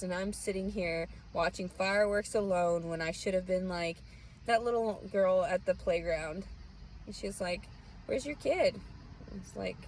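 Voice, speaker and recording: A woman's voice: fairly low pitch, darkish tone, a little hiss or hum, low-quality recording. A young woman, venting bitterly and profanely in a rambling personal monologue. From Southern US. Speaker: vlogger.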